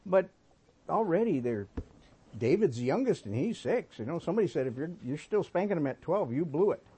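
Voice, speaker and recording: A sixty-something man delivers a sermon with a naturally high voice. He tells folksy stories and moves between emphatic exhortation and quiet, gentle asides. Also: very animated, fairly quick, husky. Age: 60s. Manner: folksy storytelling, swinging between emphatic and soft. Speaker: pastor.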